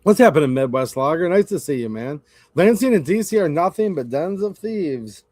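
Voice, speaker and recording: A man's voice: a little high, lively intonation, normal speed, a little mellow, dry recording. A man hosting a live stream, giving blunt, opinionated casual commentary and talking straight to his chat.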